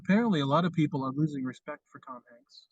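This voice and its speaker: A man's voice: on the high side, fast talker, slightly rough, no echo. Rambling man on a lo-fi livestream. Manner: rambling, many restarts. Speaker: livestream host. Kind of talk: casual chat. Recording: dull lo-fi stream audio.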